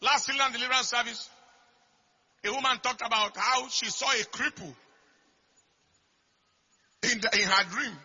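A man preaching a sermon, repeating phrases and swinging from quiet talk to shouted declarations. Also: very high voice, moderate pace, long pauses, husky. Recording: dull lo-fi recording.

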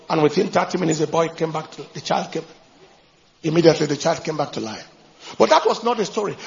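A man preaching a sermon as pastor, animated, breaking into shouts and laughter. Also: high voice, creaky, lo-fi sound.

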